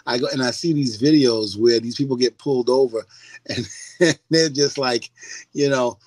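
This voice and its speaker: An older man from the United States, a podcast guest telling stories in a loose, animated way, laughing often and swearing freely. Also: mid-range voice, moderate pace, no room sound. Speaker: guest, former wrestler. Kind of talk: casual podcast chat.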